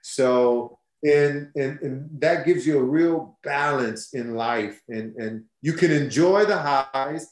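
A man's voice: medium pitch, slow pace, few pauses. A man near sixty, a singer being interviewed, telling stories expressively and acting out what people said, laughing as he goes. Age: 50s. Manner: expressive, laughing storyteller who acts out quotes. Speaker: guest singer. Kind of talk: animated storytelling interview. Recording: roomy echo.

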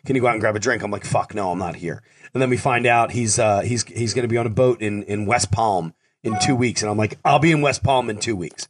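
A man's voice: lowish voice, fast talker. A man chatting casually with a friend, trading profane, upbeat banter. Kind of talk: casual chat.

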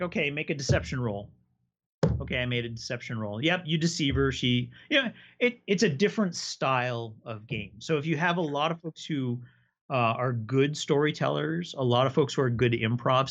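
A man's voice: mid-range voice, lo-fi sound. A man hosting a casual chat, telling stories enthusiastically and explaining at length. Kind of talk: casual chat about tabletop games.

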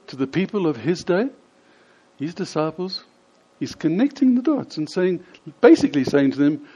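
Male preacher, mellow tone, vivid storyteller, lo-fi recording. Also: fairly high pitch, animated, slightly rough. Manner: vivid retelling with dramatic pauses. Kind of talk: storytelling sermon. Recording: slightly dull lo-fi sound.

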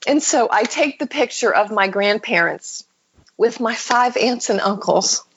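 Husky woman telling a moving story. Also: medium pitch, a little slow, fairly bright tone, lo-fi sound. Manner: vivid storyteller, acts out quoted voices. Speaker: podcast guest. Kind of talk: emotional personal storytelling.

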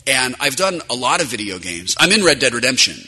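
A man who works as a voice actor, telling a rambling, animated, self-mocking story about his work. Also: mid-range voice, brisk. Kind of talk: anecdotal storytelling.

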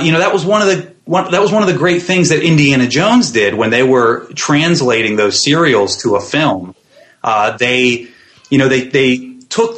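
A man's voice: medium pitch, a bit bright. Man explaining his web series with many fillers. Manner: thoughtful, many fillers and restarts. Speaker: web series creator, interview guest. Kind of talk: podcast interview answers.

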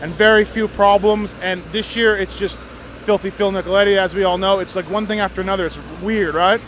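A man's voice: high voice, steady tone, brisk, fairly bright tone, slight background noise. Chatty male interviewer at the track. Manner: chatty, easygoing. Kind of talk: casual post-race interview. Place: outdoors at a motocross track.

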